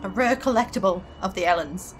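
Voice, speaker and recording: A woman's voice: mid-range voice, fairly quick, faint music behind. A woman casually commentating a game, chatty and jokey, talking back to the characters. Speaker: let's play host.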